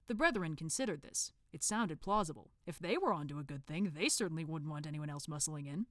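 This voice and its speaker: A woman reading a novel aloud on a stream, relaxed and amused, on a close home mic. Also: low voice, fairly quick, few pauses, no room sound.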